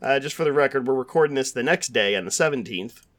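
A male podcast host chats casually and rambles, leaning heavily on fillers and frequently restarting. He has a mid-range, fairly bright voice, talks fast, and is expressive.

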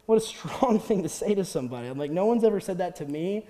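A young man giving a casual, chatty sermon as a guest speaker, animated, laughing often and acting out quotes. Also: high-pitched, fast talker. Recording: long hall reverb.

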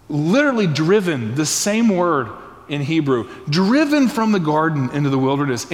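High-pitched guy preaching, asks the room questions, big hall reverb. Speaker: pastor. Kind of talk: sermon.

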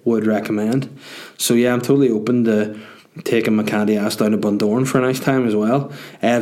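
A man's voice: fairly low pitch, mellow. A young man with a Northern Irish accent hosting a podcast, chatting casually and joking as he answers listener questions, swearing freely. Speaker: podcast host and comedian.

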